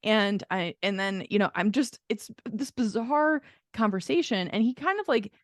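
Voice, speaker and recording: A woman co-host spinning a lively, rambling anecdote, laughing and swearing as she goes. Her voice sits at an ordinary middle pitch. The sound is dry and close, with no room around it. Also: moderate pace, no echo. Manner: animated storyteller, laughs often, swears casually. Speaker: podcast co-host. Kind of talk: casual chat.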